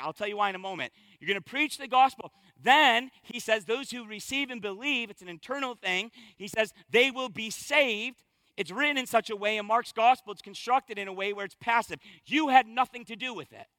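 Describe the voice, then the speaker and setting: A man preaching with a strikingly high, bright voice, driving his points home with sudden loud stresses. The sound is dry and close, with hardly any room echo. He moves in quick bursts, repeating key words to make them land. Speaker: pastor. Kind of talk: sermon.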